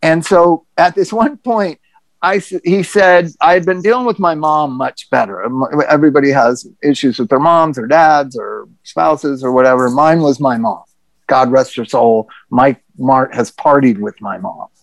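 A middle-aged person telling a personal story on a podcast in a candid, profane, animated way. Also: mid-range voice, moderate pace, no echo. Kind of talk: casual storytelling chat.

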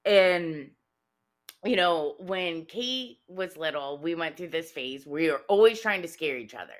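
A woman with a lowish voice and a slightly slow delivery co-hosts a podcast. In easy chat she tells animated stories, often laughing in the middle of sentences.

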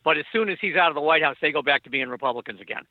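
A man's voice: fairly high pitch, expressive, rapid-fire, no echo. An older man, a political writer telling stories as a guest in a casual interview, wry and full of restarts. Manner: wry, storytelling, many restarts. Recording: dull lo-fi remote line.

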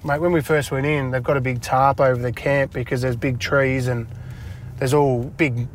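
Speaking at normal speed in a mid-range voice with little pitch movement, this Australian retired footballer is an interview guest sitting in a parked car, with slight background noise. He tells stories chattily, laughing often and raising his voice to act out dialogue.

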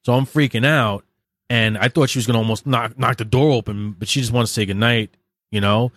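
A man's voice: mid-range voice, fairly even intonation, brisk, fairly bright tone, no room sound, studio quality. A man as a podcast guest, telling candid stories in a blunt, heavily profane, vivid way. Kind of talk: candid interview storytelling.

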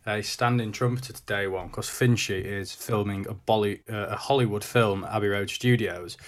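A man's voice: lowish voice, fairly even intonation, normal speed. A man talking enthusiastically and casually about an upcoming cricket test. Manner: upbeat, enthusiastic. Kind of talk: casual podcast chat.

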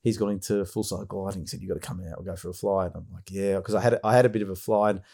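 A man's voice: low-pitched, fairly even intonation, racing, creaky, warm tone. A man hosting a podcast, chatting enthusiastically and rambling with frequent restarts. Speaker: podcast host. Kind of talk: casual chat.

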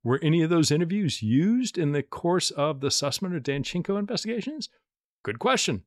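Measured man explaining legal points, dry. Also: on the high side, very animated, dry recording. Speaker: podcast co-host. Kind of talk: casual explanatory podcast chat.

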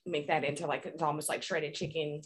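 A woman's voice: low voice, level tone, a little fast, over a noisy crowd. A woman with a New Orleans accent, chatting in an easygoing way as a guest business owner. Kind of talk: casual chat.

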